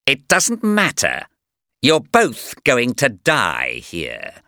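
A man reading a learner's storybook and voicing a cruel woman villain who gloats slowly and menacingly. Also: a bass voice, huge pitch swings, pushed and bright, dry recording, clean studio sound, voice pushed up, exaggerated voice. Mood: gloating. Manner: slow gloating delivery. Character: scheming female villain scientist, cruel. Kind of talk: graded reader story acting.

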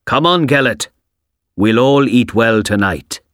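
A man voicing a young prince in a storybook reading, speaking slowly and emphatically. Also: medium pitch, lively intonation, a bit bright, dry recording, clean studio sound. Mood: excited. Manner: slow, raised, emphatic. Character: young handsome prince, bold then distraught.

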